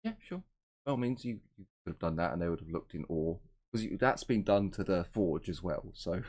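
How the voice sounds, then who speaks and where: A man narrates a tabletop game as its game master, keeping things loose and rambling with casual swearing. His voice sits very low and steady. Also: brisk.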